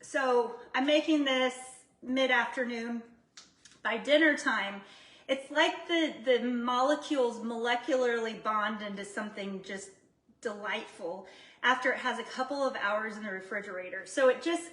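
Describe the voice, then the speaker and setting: Bright chatty woman in an echoey kitchen. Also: fairly high pitch, moderate pace, distant mic. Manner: chatty, self-deprecating, greets viewers by name. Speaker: jewelry maker cooking on a livestream. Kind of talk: casual live cooking chat. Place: home kitchen.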